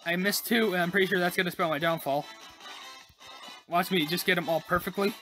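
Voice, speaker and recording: Let's-play host, mid-pitched voice, rambling exasperated self-talk, faint game music underneath. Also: fairly even intonation, bright, forceful tone. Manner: chatty, talks to self while playing, quick frustrated exclamations. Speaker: gaming YouTuber. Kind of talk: casual let's-play commentary.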